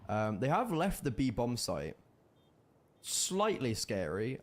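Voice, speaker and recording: A man's voice: lowish voice, unhurried. Male esports caster calling a live match. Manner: animated, rising in bursts at big plays. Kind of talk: live play-by-play game commentary.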